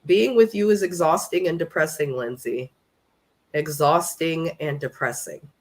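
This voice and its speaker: A woman's voice: low-pitched, a little slow, a little mellow. A woman from California hosting a casual live recap of a reality show, talking in a blunt, profane and opinionated way.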